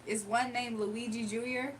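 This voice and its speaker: A woman's voice: a little high, level tone, normal speed, recorded from a distance, a little hiss or hum. A young woman hosting a casual livestream, chatting, laughing often and reading viewers' comments aloud. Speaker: livestream host doing readings.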